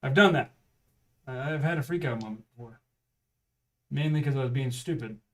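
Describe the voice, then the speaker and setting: A man's voice: mid-range voice, normal speed, recorded from a distance. A man casually chatting on a live stream at home while practicing craps, calling out rolls and bets.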